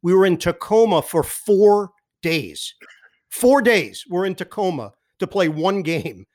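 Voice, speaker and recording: Man, sports broadcaster, podcast guest, animated storyteller, slightly high pitch, mimics voices. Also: a little slow. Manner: lively anecdotes, mimics other people's voices.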